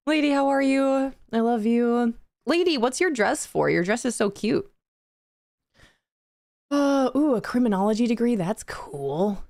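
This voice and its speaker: A young woman hosts a cozy game livestream, casually chatting with viewers, reading their messages aloud, and laughing often. Her voice is on the high side and animated yet darkish, moving at a slow pace with long pauses. The sound is a clean studio recording with no echo.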